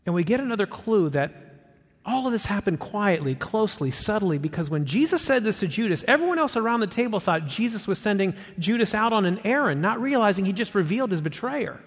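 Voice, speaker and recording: High, lively preacher in a reverberant hall. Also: male voice, a little fast. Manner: emphatic, rising on questions, dropping low and soft for quotes. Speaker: pastor. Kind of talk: sermon.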